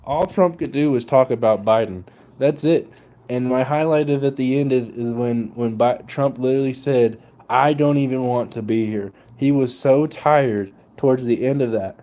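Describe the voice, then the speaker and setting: A man's voice: mid-range voice, normal speed, warm tone. Profane young man ranting. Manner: profane, laughing, slangy. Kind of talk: casual political rant.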